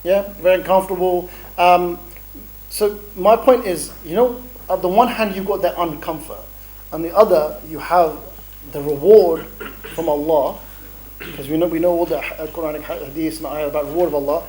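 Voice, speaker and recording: High-voiced man teaching with banter. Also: steady tone, normal speed, mellow, low-quality recording. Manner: chatty, bantering, storytelling with slang and Arabic phrases. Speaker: dawah instructor. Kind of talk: animated training talk to a group.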